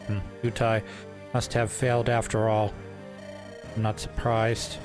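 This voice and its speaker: A man's voice: lowish voice, monotone, measured pace, music in the background, lightly acted. A man reading the lines of an arrogant male sorcerer commander in a game, sneering and self-satisfied. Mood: smug.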